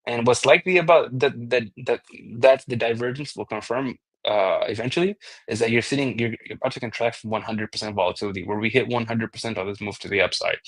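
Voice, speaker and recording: A man as a trading analyst walking through price charts in a mid-pitched, easygoing voice. He talks loosely and off the cuff, restarting phrases and dropping the odd curse. The tone is casual stream chat rather than polished delivery. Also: fast talker, fairly bright tone. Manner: loose, rambling, frequent restarts and swearing.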